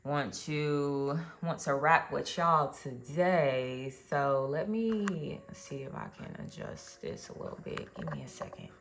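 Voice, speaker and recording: A woman's voice: low-pitched, sing-song, takes it slowly, hardly any pauses, background noise. A young woman giving a casual tarot card reading, chatting to her viewers with plenty of ums and uhs. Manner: chatty, addresses viewers directly with many fillers. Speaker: tarot reader.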